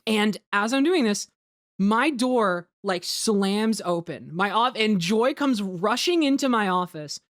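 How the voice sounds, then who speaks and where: A woman's voice: medium pitch, lively intonation, slow pace, dry recording, clean studio sound. A woman, a voice actor, chatting casually in a group commentary, telling a story with frequent laughs and fillers.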